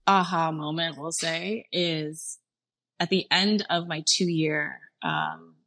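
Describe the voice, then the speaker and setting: A middle-aged woman from Canada, a chef guest on a podcast, telling her story in a lively conversational way. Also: takes it slowly, no room sound. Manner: animated, acts out dialogue in a higher voice, laughs often.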